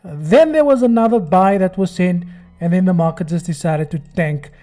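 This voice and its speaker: This trading video host has a high-pitched, mellow voice and talks at a normal pace. His screen-recorded commentary drips with sarcasm and mockery, and he imitates other people's voices along the way.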